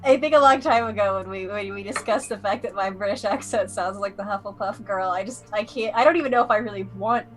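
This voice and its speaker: A woman's voice: medium pitch, fast talker, few pauses, soft background music. A woman playing a tabletop game, chatting in a playful, teasing way. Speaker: player. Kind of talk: casual tabletop play.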